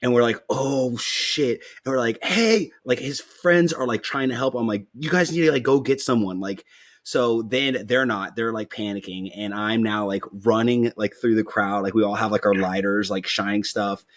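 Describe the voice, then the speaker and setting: A man's voice: fairly low pitch, fairly even intonation, normal speed. A young man hosting a podcast, chatting casually, rambling with lots of fillers and swearing freely. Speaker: podcast host. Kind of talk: casual chat.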